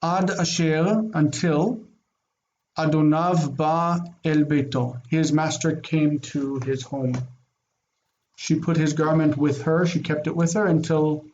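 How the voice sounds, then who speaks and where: Brief: male Hebrew teacher, slightly high voice, reads and translates line by line, dull lo-fi audio. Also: fairly even intonation, a little mellow, slight background noise. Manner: reads Hebrew aloud then translates, repeats phrases slowly. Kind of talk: screen-shared lesson, reading and translating.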